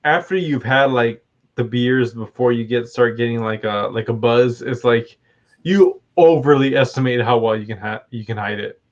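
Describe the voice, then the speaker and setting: A man's voice: mid-range voice, moderate pace, lo-fi sound. A man in a casual chat, talking in an easygoing way with lots of fillers and teasing jokes.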